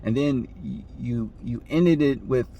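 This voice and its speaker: A man giving relationship advice in a casual monologue, often asking "right?" and acting out the people he quotes with sudden jumps in pitch. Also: measured pace, gravelly, dark tone, dull audio.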